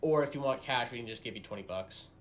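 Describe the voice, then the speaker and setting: A man plays the reasonable straight man in short comedy skits. He speaks quickly and keeps a patient tone. His voice sits in a middle pitch. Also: a little hiss or hum. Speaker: comedy skit creator. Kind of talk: comedy skit acting.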